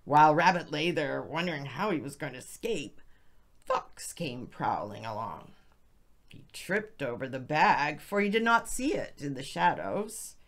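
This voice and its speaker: A woman narrating a folk tale slowly for English learners, with expressive reading and soft, hushed passages. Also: low voice. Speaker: storyteller.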